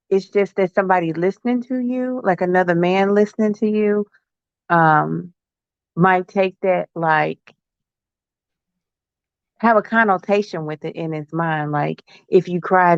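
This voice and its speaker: A man hosting a casual livestream chat, talking in an easygoing way with drawn-out phrases. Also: high voice, gravelly, smooth, no room sound. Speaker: host. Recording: dry, dull-sounding stream audio.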